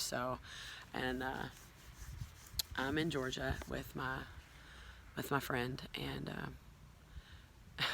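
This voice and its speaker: A woman's voice: very deep voice, gravelly, fairly bright tone, a little hiss or hum, low-quality recording. A woman telling her own story to a phone camera at home, rambling with many fillers and asides. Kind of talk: casual personal storytelling. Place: at home, filming herself on a phone.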